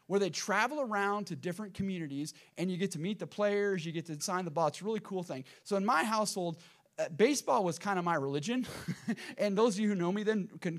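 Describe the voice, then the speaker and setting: A middle-aged male pastor, preaching a sermon from a church sanctuary and telling a personal story with earnest, emphatic repetition. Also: sits high.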